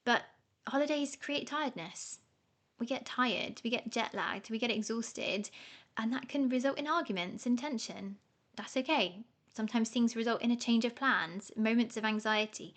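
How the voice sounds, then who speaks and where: A woman's voice: on the high side, moderate pace, a bit bright. A middle-aged woman hosting a podcast, talking casually and self-mockingly, often laughing. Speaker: podcast host. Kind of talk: casual solo podcast talk.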